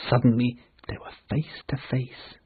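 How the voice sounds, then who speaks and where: A man reading a storybook aloud for English learners, slowly and clearly. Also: mid-range voice, level tone, phone-quality sound. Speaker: narrator.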